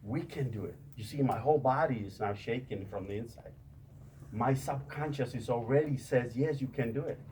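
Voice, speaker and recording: A man's voice: mid-range voice, normal speed, a little mellow, rough recording. Guy pumping up a room with a motivational talk, keeps saying you guys, stumbles and restarts, lots of background noise. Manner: repetitive, addresses listeners as "you guys"; stammering restarts. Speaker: motivational speaker.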